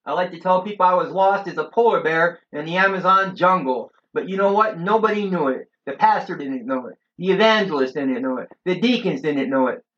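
A middle-aged man with a notably high voice tells his religious testimony, earnest and preachy, often stopping on an "uh". The recording is dull and lo-fi. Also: a little fast, few pauses, fairly bright tone. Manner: earnest, preachy storytelling with frequent "uh" fillers. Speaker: church member giving his testimony.

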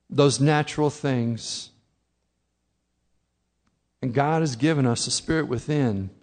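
A middle-aged man preaching a sermon in a conversational way, acting out his listeners' objections. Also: a little high. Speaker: pastor.

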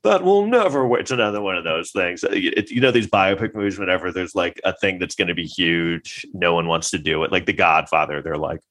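A man's voice: sits low, fairly even intonation, a little fast, few pauses, pushed and bright. A man hosting a podcast, rambling through a mocking, casual commentary with many restarts. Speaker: podcast host.

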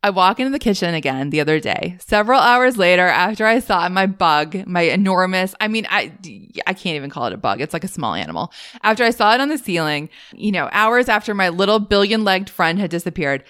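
A young adult woman hosting a podcast, telling her own stories in a casual, animated way with frequent laughs. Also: brisk, clean tone, no room sound, studio quality. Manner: animated, laughs often, rises high when retelling panic. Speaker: podcast host. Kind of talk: casual storytelling monologue.

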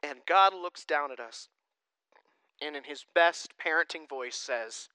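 A young man preaching a sermon to his congregation, joking and chatting in an animated, conversational way. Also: on the high side, unhurried, clean tone, no echo, rough recording. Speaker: pastor.

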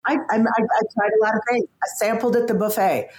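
A woman in her fifties, a guest on a podcast interview, talking in an animated, casual way, often stumbling on the first words of a sentence. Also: on the high side, quick pace. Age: 50s. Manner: animated, stammers at starts, acts out quoted voices. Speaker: podcast guest, coach and author.

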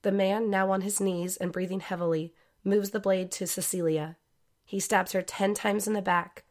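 A woman narrating a true-crime story in a measured, scripted way. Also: mid-range voice, fairly even intonation.

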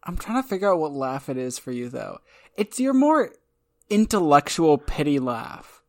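A man's voice: fairly high pitch, sing-song, normal speed, no room sound, studio quality. A man co-hosting a podcast, teasing his co-host playfully in casual chat.

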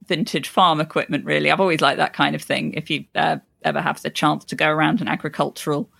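A woman co-hosting a podcast in a low, gravelly voice with a bright, sharp edge. She chats casually, laughs often and swears freely. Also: little pitch movement, fast. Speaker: podcast co-host. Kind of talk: casual chat.

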